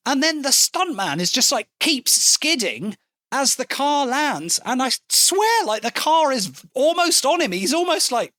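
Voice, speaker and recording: A man hosting a casual film podcast, animated and excitable, swearing now and then. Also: high-pitched, no room sound, studio quality. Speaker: podcast host. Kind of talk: casual chat.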